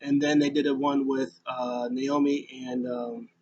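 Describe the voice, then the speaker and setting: A man's voice: medium pitch, level tone, a little mellow, dull audio, a little hiss or hum. Rambling man recapping wrestling. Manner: rambling, filler-heavy retelling with quick voiced asides. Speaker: wrestling show recap host. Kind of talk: casual recap of a wrestling show.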